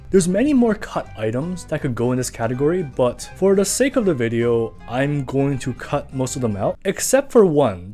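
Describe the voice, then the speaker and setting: A man's voice: on the high side, darkish tone. A man reading a scripted commentary in a casual, chatty way, full of asides. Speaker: video essayist.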